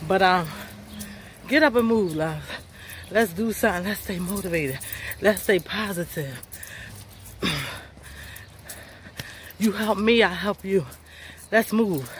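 A woman's voice: mid-range voice, slight background noise. A woman vlogging outdoors while walking her neighborhood, out of breath and chatty, encouraging viewers to get up and move. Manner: encouraging, chatty, calls viewers honey and y'all. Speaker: fitness vlogger. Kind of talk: casual motivational vlog while walking. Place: outdoors on a sunny neighborhood street.

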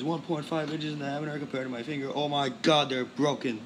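A man vlogging a teardown in an excitable, rambling way, sweaty and worked up, full of exclamations. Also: on the high side, brisk, background noise. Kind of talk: excited casual teardown vlog.

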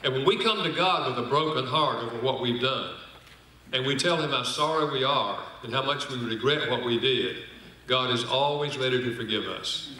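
A man gives a folksy church seminar talk with dry humor, drawing out the words he wants to land. His voice is strikingly bright and forward. The sound bounces around a large, very echoey hall. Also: medium pitch. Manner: folksy, humorous, slows down to stress points. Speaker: speaker on marriage and apology.

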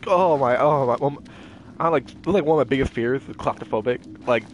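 A young man giving excitable, jokey commentary while playing a video game. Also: medium pitch, fairly quick, highs cut off, slight background noise. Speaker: gaming YouTuber. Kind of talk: casual gameplay commentary.

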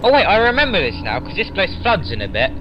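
Chatty northern English gamer. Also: male voice, high voice, wildly swooping pitch, fast, dull audio, heavy background noise. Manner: chatty, yelps when hit, hums songs between lines. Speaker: co-op game player. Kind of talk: casual gaming chat. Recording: voice chat over loud game gunfire.

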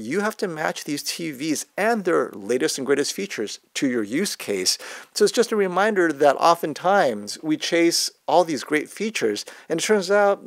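A man's voice: on the high side, no room sound. A man hosts a live tech stream and answers viewer questions. His voice rises and falls a lot as he explains. The sound is close and dry, with no room around it. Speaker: tech channel host. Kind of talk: livestream tech chat.

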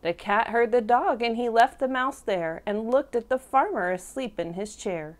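Woman reading a picture book aloud. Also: a little high. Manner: expressive, slow, questions to the children. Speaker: preschool teacher. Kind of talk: storybook read-aloud for toddlers.

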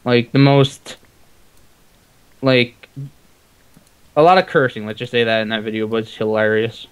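A man's voice: medium pitch, measured pace, clear, resonant tone. Rambling giggly gamer guy. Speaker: co-player. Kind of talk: casual gaming chat over voice call.

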